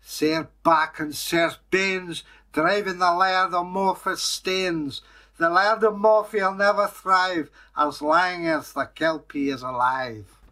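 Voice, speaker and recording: Man doing a kelpie, whiny water-horse spirit, put-on Scottish accent, high strained voice, loud, bright tone. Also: fairly even intonation, slow pace, full character voice. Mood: chanting. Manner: whining, complaining.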